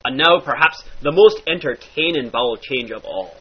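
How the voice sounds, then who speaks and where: Husky, lively man teaching vowel sounds. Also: medium pitch, moderate pace, muffled recording. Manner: playful mock-archaic phrasing, spelling out sounds. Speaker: accent teacher. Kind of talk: instructional voice lesson.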